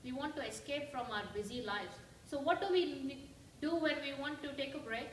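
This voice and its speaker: A woman's voice: high-pitched, normal speed, slight background noise. A woman giving a devotional talk as a guest speaker in a church, telling a story and asking the audience questions. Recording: echoey church hall from far off.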